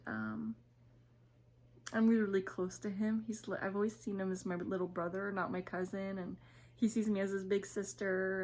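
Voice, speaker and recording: A woman vlogging casually from her home kitchen, chatty and emotional, sometimes dropping to a soft whisper. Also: mid-range voice. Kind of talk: casual home vlog chat.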